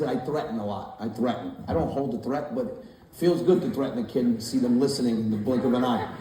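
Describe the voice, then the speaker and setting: A man in his thirties doing stand-up comedy, telling stories loudly, acting out voices and swearing, on a stage mic in a large hall with a laughing audience. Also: mid-range voice. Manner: loud animated storytelling, acts out voices, swears. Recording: roomy hall from a distance with crowd laughter.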